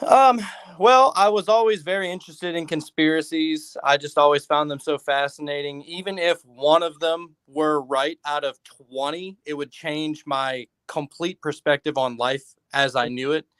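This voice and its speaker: A man's voice: on the high side, moderate pace, fairly bright tone, clear, resonant tone, no echo. A man who hosts a podcast, talking as a guest in a rambling, casual way with many fillers. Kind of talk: casual interview talk.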